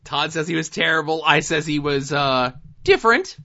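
A man's voice: on the high side, lively intonation, moderate pace, bright, forceful tone, dull audio. A man co-hosting a casual podcast, recapping TV episodes in a laid-back, dry way with plenty of fillers. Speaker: podcast co-host.

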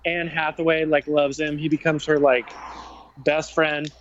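A man's voice: a little high, flat delivery, a little slow, a bit bright. A man in casual chat, sarcastically retelling a movie plot and swearing. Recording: dull, slightly noisy sound.

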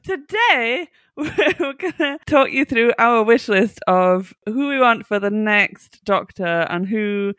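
A Northern English woman hosts a relaxed podcast chat, teasing her guests with giggly, playful introductions. Her voice is recorded dry and close, with no room around it. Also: mid-range voice, a little slow, smooth, dry recording. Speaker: podcast host.

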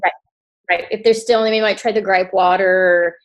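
A woman chats as a podcast guest, her pitch sitting in the middle of the range. She talks in a relaxed, warm way and often starts sentences over, with plenty of fillers. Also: normal speed. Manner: warm, chatty, many restarts and fillers. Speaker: chiropractor guest. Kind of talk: casual podcast interview.

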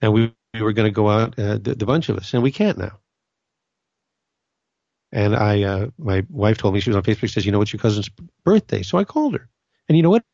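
A man's voice: fairly low pitch, expressive, brisk, creaky, long pauses, a little mellow, no room sound, lo-fi sound. A middle-aged man from Southern California talking about faith in a casual, earnest way, often restarting his sentences. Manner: conversational, earnest, many restarts. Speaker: Catholic podcast host. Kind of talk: casual spiritual talk.

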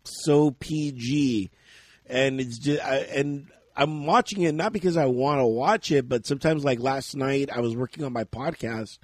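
A man hosting a casual podcast chat, quick to laugh and to act out how he reacted in jumps of voice. His voice sits in an ordinary middle range, and the close recording is dry, with no room sound. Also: mid-range voice, no echo. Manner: animated, laughs often, acts out his own reactions. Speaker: podcast host.

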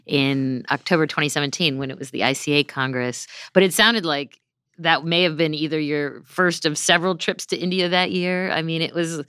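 A woman hosts an interview podcast from a studio, upbeat and welcoming with her guests. Her voice is smooth and a touch low. The sound is close and dry. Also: steady tone, moderate pace, fairly bright tone, dry recording. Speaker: podcast host, magazine editor.

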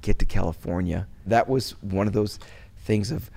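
A middle-aged man from Wisconsin talks as an interview guest in a very low, gravelly voice. He rambles through his stories, restarting his sentences often, and grows softer when he turns to painful memories. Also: brisk. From Wisconsin, USA. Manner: rambling, many restarts, turns soft when recalling loss. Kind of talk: casual interview conversation.

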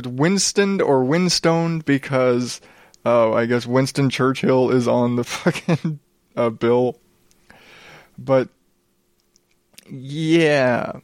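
A man's voice: fairly high pitch, no room sound. A man hosting a show, ranting about odd news in a sarcastic, swearing way, sniffling now and then. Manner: sarcastic, swears a lot, frequent restarts. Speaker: show host. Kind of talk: profane comedic news rant.

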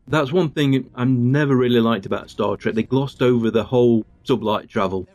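A man's voice: medium pitch, normal speed, darkish tone, no room sound. Chatty man hosting a watch-along. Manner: chatty, chuckling, reads out episode trivia. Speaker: podcast host. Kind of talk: casual commentary while watching an episode.

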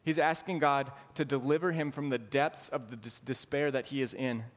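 A man's voice: mid-range voice, fairly even intonation, moderate pace. Earnest male preacher in a reverberant hall. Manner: earnest, expository teaching. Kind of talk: sermon.

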